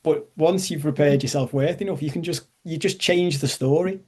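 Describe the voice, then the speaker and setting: Male coach, mellow tone, casual joking masterclass delivery over a video call. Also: a little high, brisk. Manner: conversational, self-deprecating humor, checks in with audience. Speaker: life coach. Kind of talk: live online masterclass talk.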